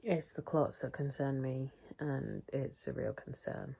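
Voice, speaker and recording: Low gravelly British woman rambling. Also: fairly even intonation, unhurried, warm tone. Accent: British English. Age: middle-aged. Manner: rambling, chatty, self-interrupting. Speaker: vlogger. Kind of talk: casual weight-loss update vlog.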